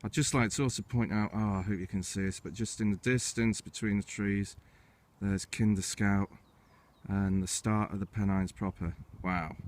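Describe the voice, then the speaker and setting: A man giving casual, chatty commentary as he guides viewers along a hill walk outdoors, often starting each new step of the route with "right". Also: on the low side. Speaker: hiking vlogger and walk guide. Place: outdoors on windy hills.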